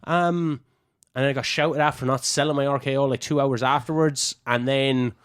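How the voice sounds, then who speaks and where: A young Irish man, a wrestler guesting on a podcast, telling casual stories full of swearing and lively asides. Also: medium pitch, moderate pace, clean tone, no echo, studio quality. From Ireland. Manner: swears freely, animated anecdotes. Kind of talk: casual storytelling.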